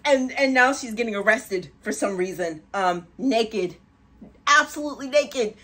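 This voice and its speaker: A woman with a husky, slightly breathy voice talks through a song she is reacting to. Her delivery is casual, chatty and animated, leaning on "like" between her thoughts and breaking into quick laughs. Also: medium pitch. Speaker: music reaction channel host.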